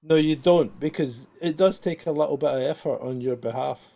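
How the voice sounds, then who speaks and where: A man's voice: on the high side, normal speed, vocal fry, warm tone. A man co-hosting a podcast, blunt, sweary and teasing, laughing often. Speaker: podcast co-host. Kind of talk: casual chat.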